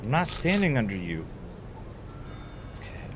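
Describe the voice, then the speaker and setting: A young man streaming a frustrating climbing game, swearing a lot and breaking into sudden angry shouts. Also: a little high, very animated, a little slow. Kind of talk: frustrated gameplay commentary.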